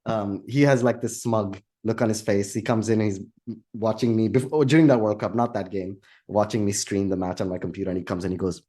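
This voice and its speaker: A man co-hosting a podcast, telling a story in casual chat, animated and swearing. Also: on the low side, fairly quick. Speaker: podcast co-host.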